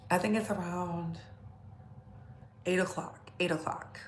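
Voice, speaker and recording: A woman's voice: on the low side, fairly even intonation, a little slow. A woman hosting a casual livestream, chatting straight to her viewers and laughing often. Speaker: livestream host. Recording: echoey room with faint background noise.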